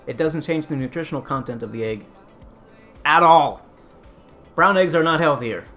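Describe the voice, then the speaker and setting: A man's voice: mid-range voice, a bit bright. A man hosting a casual cooking live stream, chatty and rambling as he answers chat.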